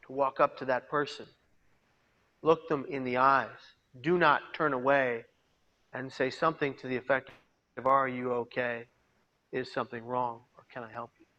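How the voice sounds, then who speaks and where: A man giving a personal testimony as a peer mentor, storytelling dramatically and swinging between hushed and loud delivery. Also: mid-range voice, lo-fi sound. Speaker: peer mentor and suicide prevention speaker. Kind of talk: personal testimony to a live audience. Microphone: video call.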